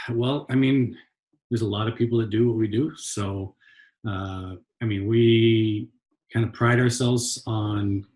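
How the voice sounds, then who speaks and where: A man from Canada talks as an interview guest about running his agency. He speaks in a relaxed, halting way, often pausing and restarting, with a voice on the low side. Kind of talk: casual interview chat.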